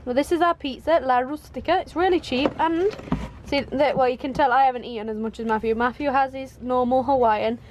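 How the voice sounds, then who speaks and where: Woman vlog co-host, high voice, playful teasing, camera mic outdoors with faint noise. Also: steady tone, a little fast. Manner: teasing, chatty. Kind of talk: casual vlog chat. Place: outdoors in a harbour town and on a marina pontoon.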